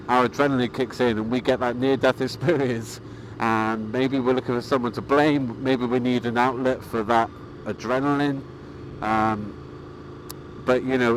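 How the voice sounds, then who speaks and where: Calm rambling man, faint traffic. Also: medium pitch, low-quality recording. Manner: calm, rambling, with frequent fillers and restarts. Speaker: motorcycling vlogger. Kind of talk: casual vlog monologue.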